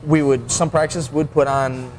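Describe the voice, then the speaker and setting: A man's voice: fairly high pitch, steady tone, moderate pace, a little mellow. A man who is a mixed martial arts fighter, talking as a podcast guest in a laid-back, rambling way. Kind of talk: casual podcast chat.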